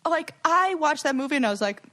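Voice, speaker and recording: A woman's voice: sits high, lively intonation, fast talker, pushed and bright. A young woman co-hosting a podcast in casual chat, effusive and gushing, swearing freely as she talks. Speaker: podcast co-host.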